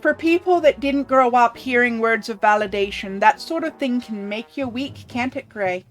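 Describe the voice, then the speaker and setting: A woman's voice: a little high, faint music behind. A woman streaming a game live, casually commenting and reading messages aloud. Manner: quick, casual, reads chat aloud.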